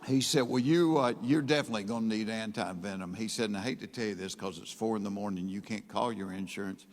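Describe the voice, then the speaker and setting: A man doing stand-up, telling a drawling, deadpan story on stage and punching up the loud punchlines. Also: lowish voice, quick pace. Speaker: stand-up comedian. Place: stage in a large hall. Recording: hall reverb.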